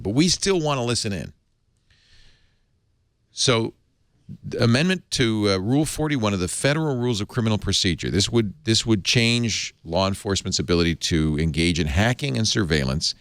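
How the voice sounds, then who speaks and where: Lively low-voiced male tech show host. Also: no echo, clean studio sound. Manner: animated, explanatory, editorializing. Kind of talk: tech panel discussion.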